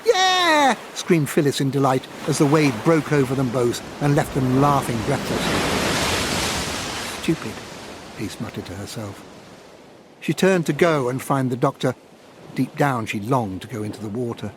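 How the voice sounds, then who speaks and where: A man reading a story aloud as an audiobook narrator, with expressive storytelling delivery. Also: normal speed, background noise. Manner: expressive reading, voices characters in high put-on tones.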